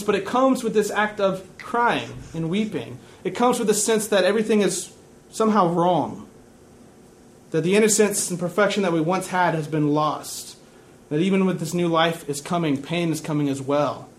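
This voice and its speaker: A pastor preaches a sermon in a church, earnest and measured, lowering to a hushed tone during reflective passages. His voice sits high.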